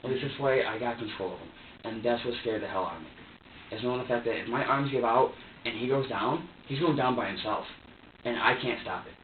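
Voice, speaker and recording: Halting man in an echoey interview room. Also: medium pitch, far from the mic, a little hiss or hum. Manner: halting and repetitive, many fillers and restarts. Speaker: suspect being questioned. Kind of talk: police interrogation, recounting events. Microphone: distant room recorder. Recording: tinny lo-fi, echoey room, off-mic.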